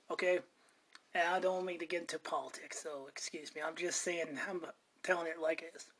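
A woman's voice: lowish voice, a bit bright. A woman hosting a podcast and ranting in a chatty, meandering way, often interrupting herself mid-sentence. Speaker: podcast host. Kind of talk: casual ranting monologue.

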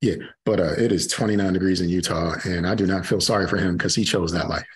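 A man's voice: low voice, fairly even intonation, fast, slight background noise. A man co-hosting a casual podcast chat with a dry, joking delivery. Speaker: podcast co-host.

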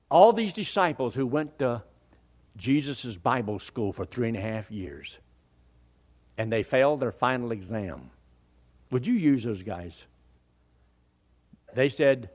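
An older man preaching a sermon in a folksy, animated way. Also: mid-range voice, unhurried, long pauses.

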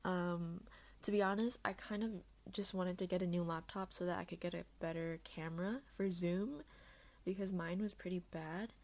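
A woman's voice: lowish voice, fairly even intonation, moderate pace. Chatty young woman, swearing freely. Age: young adult. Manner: chatty, swearing, self-mocking, with sudden loud bursts and hushed asides. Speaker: podcast host. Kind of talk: casual solo chat.

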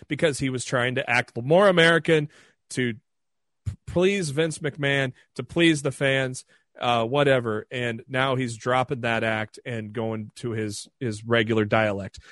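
A man's voice: mid-range voice, measured pace, a bit bright, no echo, studio quality. A man co-hosting a casual podcast, rambling with many fillers in an easygoing way. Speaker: podcast co-host.

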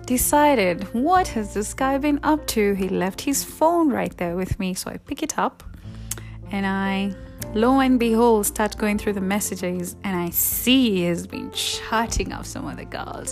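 A young woman telling a candid personal story in a conversational way, sometimes dropping to a soft near-whisper. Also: medium pitch.

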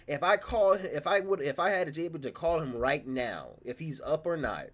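A young man with a Southern US accent, host of a podcast, telling a story in casual, animated, slang-heavy chat. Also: sits high. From South Carolina, US.

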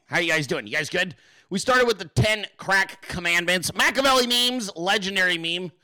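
Brash high-voiced male podcast host. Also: lively intonation, fairly quick, bright, forceful tone. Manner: brash, profane and mocking. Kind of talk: casual political commentary.

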